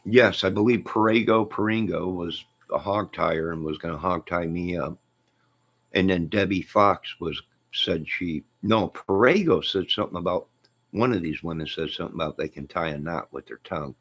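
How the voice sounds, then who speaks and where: A man's voice: sits low, moderate pace, a bit bright. A man hosting a casual live stream, reading viewer comments and joking with them in a teasing, chuckling way.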